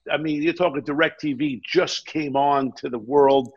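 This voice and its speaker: A man telling an animated anecdote as an interview guest, acting out the dialogue he quotes. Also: a little high, a little slow, husky, dull audio. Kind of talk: casual storytelling.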